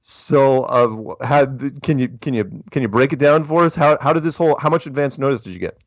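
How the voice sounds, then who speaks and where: A man hosting a casual call-in podcast, talking in an animated way with frequent chuckles and restarts. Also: medium pitch, fast talker, no room sound, lo-fi sound. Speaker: podcast host.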